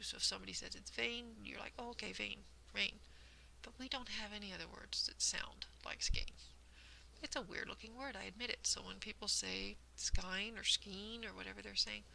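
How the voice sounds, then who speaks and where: A woman's voice: medium pitch, quick pace, creaky, bright, forceful tone, a little hiss or hum, poor audio. A woman hosting a cross-stitch vlog, chatting casually and explaining things carefully with a self-deprecating touch. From United States.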